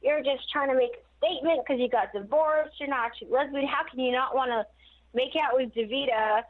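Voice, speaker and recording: A woman's voice: sits high, fairly quick. A woman imitating a brash, teasing male talk-radio host over a tinny phone line.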